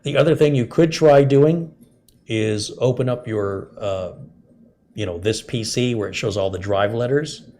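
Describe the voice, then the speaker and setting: A man's voice: medium pitch, measured pace, dark tone, slight background noise. A man hosting a live tech stream, chatting with viewers, reading out their messages and explaining fixes step by step. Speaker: tech channel host. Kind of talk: live-stream chat, answering viewer questions.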